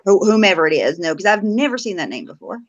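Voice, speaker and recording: A woman's voice: medium pitch, sing-song, quick pace, muffled recording. Blunt, profane woman on a live-stream. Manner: blunt, profane, laughs teasingly. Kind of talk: casual chat.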